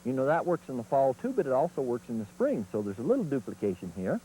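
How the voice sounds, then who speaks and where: A man with a mellow, dark voice gives a hunting lesson on camera. He talks in a folksy, plain-spoken way, and his pitch rises and falls a lot as he explains and demonstrates. A faint hiss sits behind him. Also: very animated, fast talker, rough recording. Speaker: turkey calling instructor. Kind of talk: instructional video demonstration.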